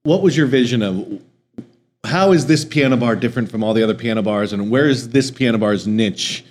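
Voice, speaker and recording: A man's voice: medium pitch, a little fast. A man hosting an interview, asking friendly questions that often stop and restart. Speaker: interview host. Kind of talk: casual interview.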